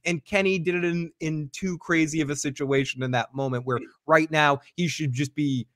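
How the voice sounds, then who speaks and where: A man on an after show, talking through a scene with lively energy and voicing the characters' lines as he goes. His voice sits a bit high for a man. The sound is close and dry, with little room around it. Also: moderate pace, no room sound. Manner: animated, acts out characters' lines, many restarts. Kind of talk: casual recap chat.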